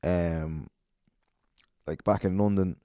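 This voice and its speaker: A man's voice: sits low, steady tone, takes it slowly, dark tone, clear, resonant tone, dry recording, studio quality. An Irish man hosting a solo podcast, rambling and swearing a lot, self-mocking and a bit out of breath. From Ireland. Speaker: podcast host.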